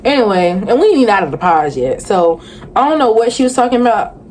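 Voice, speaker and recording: A woman's voice: a little high, very animated, a little fast, a little mellow, slight background noise, poor audio. A young woman vlogger, animatedly recapping a reality show in sassy casual chat and talking back with rhetorical questions.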